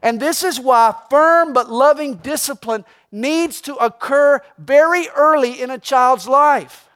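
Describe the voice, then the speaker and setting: A man preaching a sermon as a pastor, emphatic, swinging between loud stresses and hushed asides. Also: very high-pitched.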